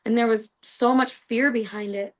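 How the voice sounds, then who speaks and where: A woman's voice: fairly high pitch, fairly even intonation, normal speed, poor audio. A woman hosting a podcast, telling a personal story in a casual, earnest and rambling way, full of "like" and "you know". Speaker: podcast host.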